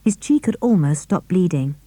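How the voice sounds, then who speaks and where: Woman reader, expressive storytelling, mellow tone, dry close sound. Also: fairly low pitch, normal speed, no room sound. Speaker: audiobook reader. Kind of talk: storytelling narration.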